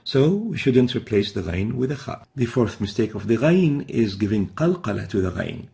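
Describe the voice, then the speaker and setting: A man's voice: lowish voice, big pitch swings, moderate pace, vocal fry, dark tone. A man teaching a recorded recitation lesson, explaining each pronunciation mistake step by step and then sounding out the Arabic letters himself.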